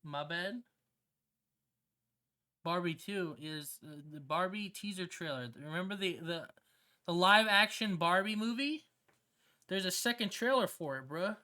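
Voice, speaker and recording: A streamer chatting casually with viewers on a live stream, slangy and excitable, swearing often and laughing a lot. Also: mid-range voice, measured pace, pauses often. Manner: slangy, swears a lot, keeps saying "bro". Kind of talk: casual livestream chat with viewers.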